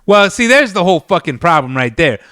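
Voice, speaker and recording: Teasing, swearing man, slightly high voice. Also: big pitch swings, brisk, sharp tone, no room sound, studio quality. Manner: joking, profane, teasing banter. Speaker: podcast co-host. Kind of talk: casual podcast chat.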